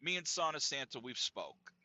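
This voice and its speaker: A man's voice: medium pitch, sing-song, moderate pace, sharp tone, voice pushed down. A man voicing a stern, indignant male gym member who scolds firmly, on a dull, lo-fi, dry recording. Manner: firm, insistent, scolding.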